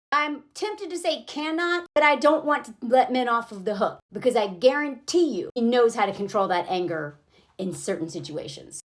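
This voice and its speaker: A woman giving an indignant, emphatic commentary on a film scene, acting out bits of dialogue. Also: on the high side. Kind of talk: casual commentary vlog.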